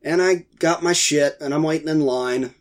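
A man's voice: on the high side, normal speed. A middle-aged man with a head cold, chatting casually and telling a rambling, exasperated story. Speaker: podcast co-host. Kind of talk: casual chat.

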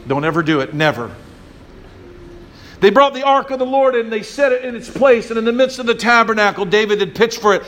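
A man with a notably high speaking voice delivers a sermon from the pulpit. He preaches emphatically and calls on the congregation to answer back. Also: lively intonation, brisk, a bit bright. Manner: call-and-response preaching, emphatic. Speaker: pastor.

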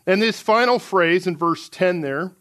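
Earnest high-voiced male preacher. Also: a little slow, fairly bright tone. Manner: earnest, emphatic, reads scripture aloud. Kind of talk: sermon.

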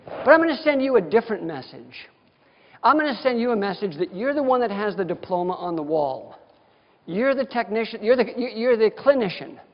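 A man gives a continuing-education lecture to dentists in a high-pitched, sing-song voice, speaking a little fast. His manner is folksy, direct and emphatic, and the lecture hall sound is dull with long reverb.

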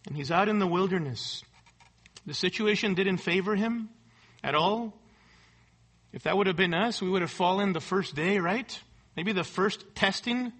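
A man's voice: high voice, pushed and bright. A male pastor preaching a sermon, emphatic and rhetorical, repeating key words and asking the room for agreement.

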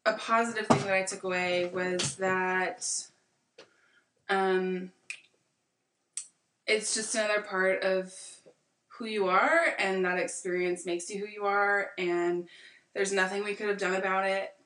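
A young American woman in her twenties chats as a podcast guest, thinking aloud with plenty of fillers. Her voice is bright and forward. She sounds a little distant from the mic, in a room with noticeable echo. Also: mid-range voice, little pitch movement, unhurried, pauses often, a little hiss or hum. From United States. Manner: reflective, rambling with many fillers. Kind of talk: casual conversation.

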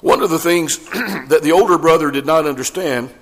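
A male pastor delivers a sermon in an earnest preaching manner, stumbling over restarts before pressing his point with growing emphasis. His voice sits a little higher than most men's. A long reverb trails behind each phrase, as in a church sanctuary. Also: fairly quick.

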